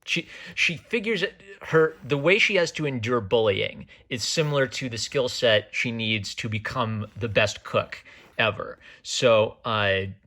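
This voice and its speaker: A man reviewing a comic in a casual, chatty way. His voice is bright and forceful, and his delivery is excitable and jokey. He keeps drifting off into side comments. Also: mid-range voice, measured pace. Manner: enthusiastic, digressive, jokey. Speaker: manga reviewer.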